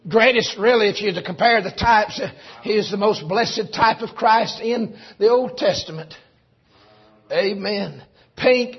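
A man preaching a sermon, shifting from quiet storytelling to shouted preaching. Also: high-pitched, husky. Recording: dull lo-fi recording.

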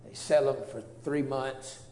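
A man's voice: mid-range voice, steady tone, measured pace, mellow, a little hiss or hum. A man, a preacher telling an earnest, emotional testimony story. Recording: roomy echo.

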